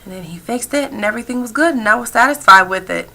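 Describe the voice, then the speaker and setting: A woman voice interpreter speaking a personal story told in sign language, with halting, repetitive phrasing and frequent fillers. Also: fairly high pitch, expressive, creaky, sharp tone.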